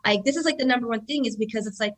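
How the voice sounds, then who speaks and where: A woman in her thirties, a jiu-jitsu black belt and instructor, talking casually on a podcast in a chatty, animated way full of filler words. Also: fairly high pitch, racing, low-quality recording. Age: 30s.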